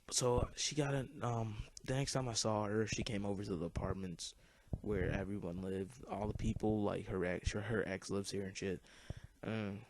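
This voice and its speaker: A man's voice: fairly low pitch, darkish tone, no room sound. A teenage boy telling a long personal story over gameplay, rambling, swearing freely and filling his talk with "like". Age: teens. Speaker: gaming commentator.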